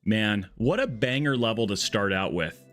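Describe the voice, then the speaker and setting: A man's voice: fairly low pitch, lively intonation, moderate pace, a bit bright, soft background music. Chatty male game streamer. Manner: chatty, jokey, talks to chat viewers. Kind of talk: live-stream chat while playing.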